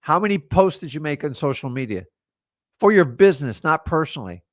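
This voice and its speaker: A man's voice: on the high side, sing-song, brisk, dry recording, studio quality. A man coaching on a live stream, blunt and fired up, lecturing his viewers on accountability. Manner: imitates excuses in mocking quoted voices. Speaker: real estate wholesaling coach.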